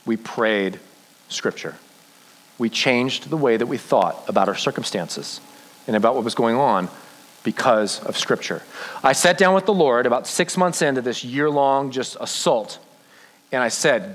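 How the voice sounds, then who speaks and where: A man preaching a sermon as a pastor, telling his story earnestly and slowing down for emphasis. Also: medium pitch, expressive, poor audio.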